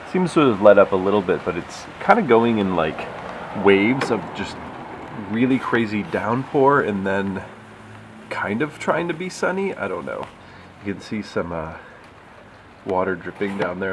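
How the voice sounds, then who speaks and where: A young man with a slightly low voice rambles through a casual daily vlog, chatty and quick to laugh. The handheld camera picks up a faint hiss of ambient noise behind him. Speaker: vlogger.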